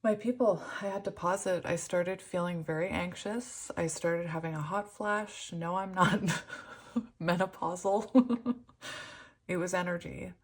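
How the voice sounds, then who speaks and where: A woman giving a pick-a-card tarot reading, emotional and hesitant, shaky and close to tears, with many pauses and ums. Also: fairly low pitch, steady tone. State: shaky and tearful. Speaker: tarot reader.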